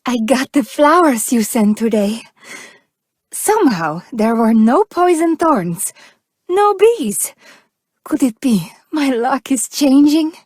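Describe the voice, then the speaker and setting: A woman's voice: a little high, sing-song, slow pace, no room sound, clean studio sound, heavily acted. An actress voicing an unlucky, hopelessly romantic young woman in a dating game, speaking in a formal, dramatic, breathless way. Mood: wistful.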